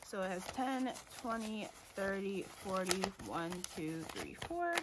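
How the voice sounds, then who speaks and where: A woman's voice: medium pitch, lively intonation, a little slow, background noise. A woman, chatting casually to viewers as she counts cash into envelopes, laughing often and calling them y'all. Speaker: budgeting vlogger. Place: home room at a table.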